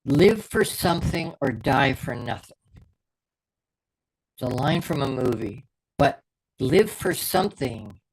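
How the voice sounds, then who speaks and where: Speaking slowly with long pauses, a middle-aged podcast host and performance coach gives an unscripted motivational talk in a medium-pitched, lively voice. His fervent conviction comes through in repeated words and short punchy phrases, while a faint hiss runs beneath the low-quality recording.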